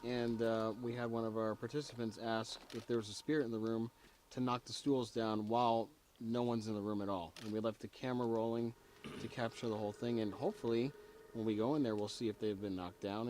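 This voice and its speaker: A man's voice: medium pitch, fairly even intonation, a little fast, a little mellow, a little hiss or hum, close to an everyday voice. An actor playing a male paranormal investigator who explains a test in a matter-of-fact way. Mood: explaining.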